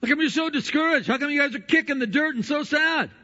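A man's voice: very high voice, animated, fast, sharp tone, pitched above the performer's own voice, full character voice. A man voicing Jesus as a casual, friendly grown man who chats easily with his friends. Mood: breezy. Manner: breezy, chummy. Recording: dull sound in a reverberant hall.

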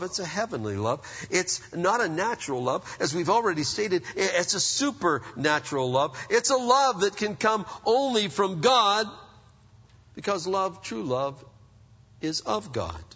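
A middle-aged male pastor delivers a sermon in an animated, conversational manner, tossing rhetorical questions at the congregation. His voice is bright with a husky edge. The sound is dull and carries a long reverb, like a church hall. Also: high voice, moderate pace.

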